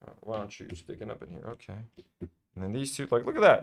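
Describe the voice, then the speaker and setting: A man's voice: on the low side, big pitch swings, fast talker, creaky. A young man hosting a casual hobby vlog, chatty and self-delighted, full of fillers. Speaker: toy-building channel host.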